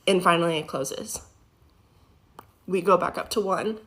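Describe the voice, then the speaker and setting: A woman's voice: on the low side, unhurried, a bit bright. A woman, a former EMT, telling a scary story to camera in a rambling way with many fillers. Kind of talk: storytime monologue.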